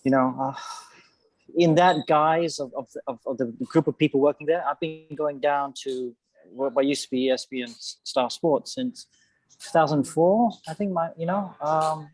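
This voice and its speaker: A man's voice: fairly high pitch, moderate pace, a little mellow, dry recording, rough recording. A man who once raced, chatting loosely on a video call panel, rambling with fillers and restarts. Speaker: F1 presenter and former racing driver. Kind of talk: casual panel chat over video call.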